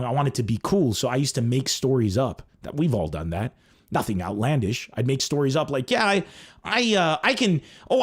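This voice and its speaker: A man hosting a comedy podcast, talking casually and acting out the lines he quotes. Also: medium pitch. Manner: animated, acts out quoted lines.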